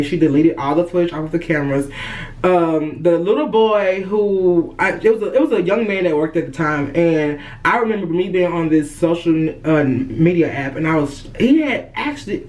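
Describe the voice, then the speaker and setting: A woman vlogger recounting a personal story in a dramatic, profane, animated way, addressing her viewers directly. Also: lowish voice, low-quality recording. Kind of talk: storytime vlog.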